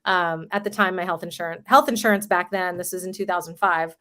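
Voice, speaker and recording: A woman's voice: fairly low pitch, steady tone, a little fast, pushed and bright. A woman in her thirties, a podcast guest, telling a personal story in a candid, casual way and swearing now and then.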